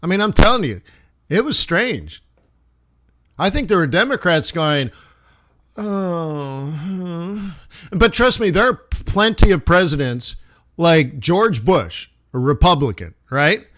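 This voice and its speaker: A man's voice: on the high side, sing-song, unhurried, a bit bright. A middle-aged man, a forex trader, talking casually and rambling on a live stream, with restarts and acted asides. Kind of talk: casual livestream commentary.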